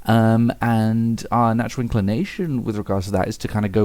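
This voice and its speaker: A man's voice: fairly low pitch, steady tone, a little fast, hardly any pauses, darkish tone, dry recording. A young man talking to camera in a rambling, self-mocking way, swearing and restarting his sentences as he thinks aloud. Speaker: vlogger. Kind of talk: reflective casual monologue.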